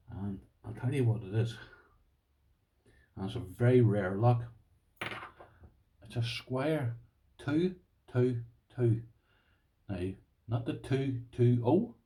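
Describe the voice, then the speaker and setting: A middle-aged Irish man chatting casually to camera about his lock collection, self-deprecating and quick to laugh. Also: fairly low pitch, warm tone, distant mic, rough recording. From Ireland. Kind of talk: casual vlog chat.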